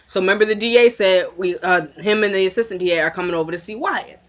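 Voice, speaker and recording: A woman's voice: mid-range voice, fast talker, a bit bright. A woman casually recapping a TV drama episode for her viewers, retelling the scenes by acting out the characters' lines and talking straight to her audience. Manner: chatty, addresses viewers directly. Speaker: recap vlogger. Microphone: camera mic.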